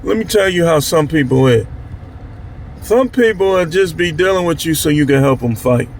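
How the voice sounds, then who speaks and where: Speaking straight to camera, this channel host from Milwaukee, Wisconsin delivers a candid, heated rant full of slang. His pitch sits fairly high, his delivery is animated at a moderate pace, and some light background noise can be heard.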